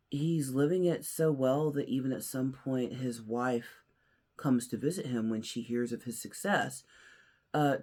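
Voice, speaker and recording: A man with a gravelly, husky voice talks through a story in a casual commentary. He leans hard on some lines and drops to a hush on others. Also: mid-range voice. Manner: earnest storyteller, swings between loud emphasis and hushed near-whispers. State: emotional, near tears. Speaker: host.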